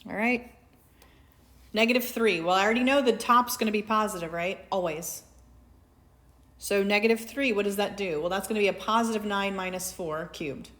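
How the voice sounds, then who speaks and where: A woman teacher walks through a calculus lecture in a casual, conversational way, often checking in with her class and slipping in dry sarcasm. Her voice sits at an ordinary middle pitch. The classroom gives the sound a noticeable echo. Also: moderate pace, fairly bright tone. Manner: conversational, asks for agreement with "right?"; lightly sarcastic asides. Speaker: math teacher. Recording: echoey room.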